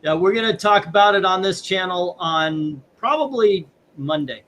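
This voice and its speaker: A man's voice: sits high, expressive, normal speed, a bit bright, slight background noise. A man co-hosting a live stream, presenting comic covers in an easygoing, musing way. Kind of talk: casual live-stream chat.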